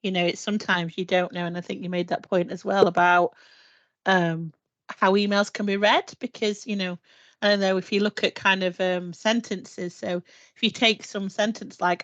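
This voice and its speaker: A woman's voice: mid-range voice, steady tone, brisk, fairly bright tone, no echo. A woman on a panel video call who explains a point patiently and repeats an example sentence with changing stress. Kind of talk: casual video-call discussion. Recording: dull lo-fi video-call audio.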